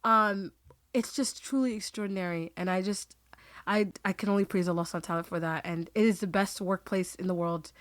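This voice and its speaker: A woman speaking with heartfelt earnestness in a casual podcast conversation, her voice at an ordinary middle pitch. She gets emotional and laughs easily. The recording is close and dry, with no room sound. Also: fairly even intonation, fairly quick, fairly bright tone, no room sound. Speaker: podcast host.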